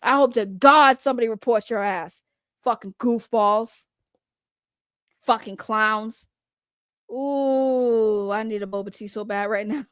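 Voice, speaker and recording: A woman's voice: fairly high pitch, unhurried, pauses often, fairly bright tone, no room sound, clean studio sound. A woman giving heated, profane reaction commentary as a vlogger, repeating her angry points. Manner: heated, profane, repetitive ranting.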